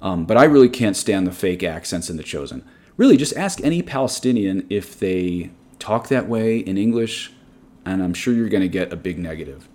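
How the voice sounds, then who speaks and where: A man's voice: low voice, lively intonation, moderate pace, a little mellow. A man preaching a meditative sermon in an earnest, digressive, opinionated way. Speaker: Catholic preacher. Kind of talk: sermon-style guided meditation.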